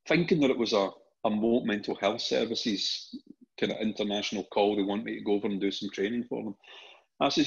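Husky Scottish man telling stories. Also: fairly low pitch, fairly quick. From Scotland. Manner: animated anecdotes with frequent restarts and repeated words. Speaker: podcast guest. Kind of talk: casual storytelling. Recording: dull lo-fi podcast audio.

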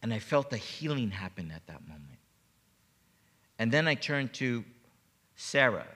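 A man preaches to his congregation, sharing a heartfelt personal story. His voice is bright and forceful, and he repeats words when moved. A long reverb from the church hall trails behind each phrase. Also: medium pitch, sing-song, unhurried. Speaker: pastor. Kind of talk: sermon. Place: church sanctuary.

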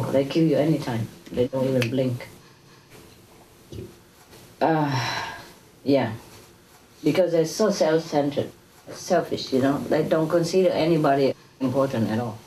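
A woman's voice: low-pitched, warm tone. Woman spiritual teacher, chatty lecture with chuckles and "yeah?" tags; echoey room, faint background noise. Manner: conversational, chuckling, frequent "you know" and "yeah?". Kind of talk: informal spiritual lecture to an audience. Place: lecture hall with audience. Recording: echoey hall, distant mic, faint noise.

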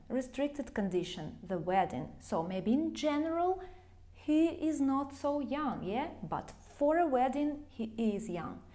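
Slow, patient Russian-accented woman teacher. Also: a little high, dark tone. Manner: slow, patient, repeats phrases, asks "yeah?" to check understanding. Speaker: language teacher. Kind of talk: explaining grammar to learners.

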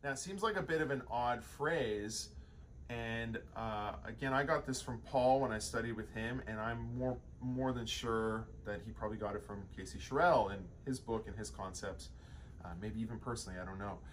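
A man's voice: mid-range voice, normal speed, slight background noise. A young man teaching a drum lesson, explaining sticking patterns in a loose way with many fillers and restarts.

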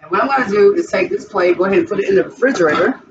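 A woman's voice: medium pitch, expressive, very fast. A woman hosting a cooking vlog in her home kitchen, chatting straight to her viewers as she cooks. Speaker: cooking channel host. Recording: distant, muffled, noisy.

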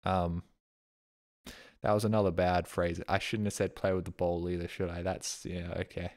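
A man's voice: low voice, flat delivery, moderate pace, darkish tone. An Australian man streaming live, chatting casually with viewers, reading out chat and thanking subscribers in a rambling, joking way with plenty of swearing.

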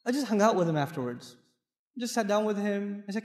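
This is a high, quick-paced male voice with lively intonation, belonging to a middle-aged Islamic lecturer. In a big mosque hall, recorded from far off with lots of echo, he gives a playful lecture built on anecdotes, storytelling and acted-out exchanges.

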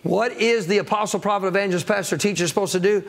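In a church sanctuary, a pastor delivers a sermon in a high, fast, creaky voice, calling on the congregation for answers and acting out the excuses people make.

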